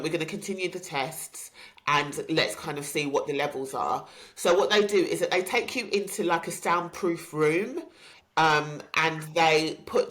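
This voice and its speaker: A woman, hosting a podcast and candidly recounting a personal story with many pauses and ums. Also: low voice, fairly bright tone. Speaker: podcast host.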